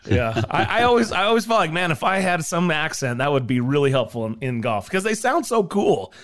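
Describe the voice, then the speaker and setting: A man's voice: fairly high pitch, sing-song, fairly quick, fairly bright tone. A man co-hosting a golf podcast, jokey and enthusiastic, laughing often. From Utah or Idaho, USA. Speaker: podcast co-host. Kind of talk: casual podcast chat.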